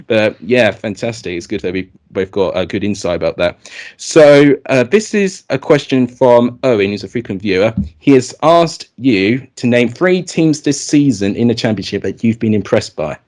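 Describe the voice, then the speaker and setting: A man's voice: mid-range voice, expressive, moderate pace, a little mellow. A young man hosting a casual football chat, talking in a chatty way with lots of fillers. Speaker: host of a football channel chat.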